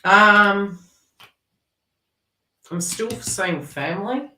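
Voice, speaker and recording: A woman's voice: mid-range voice, very slow, pushed and bright, a little hiss or hum. A middle-aged woman giving a psychic reading to a viewer, chatty and blunt with laughter and mild swearing. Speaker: psychic reader. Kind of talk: casual spoken reading to a viewer. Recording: echoey room, far from the mic.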